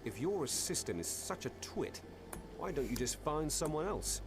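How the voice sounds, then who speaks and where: A wry game hero, dry and questioning, lively pitch, game music playing. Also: male voice, moderate pace. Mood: skeptical.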